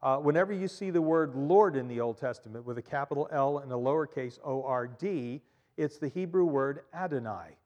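A man preaching a sermon in a church, animated, often repeating and stressing his points, with frequent fillers. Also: medium pitch, fairly quick, big-room sound, highs cut off. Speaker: pastor.

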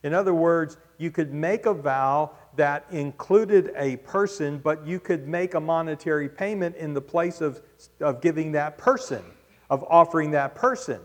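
A man's voice: a little high, normal speed. A man preaching a sermon with emphatic, rhetorical delivery. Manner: emphatic, rising to rhetorical questions. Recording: long hall reverb.

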